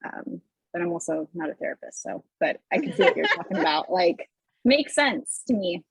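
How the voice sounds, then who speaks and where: Breathy woman guest, calm and thoughtful, dry close sound. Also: on the low side, dry recording, low-quality recording. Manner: thoughtful, supportive, measured. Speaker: podcast guest. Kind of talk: casual chat.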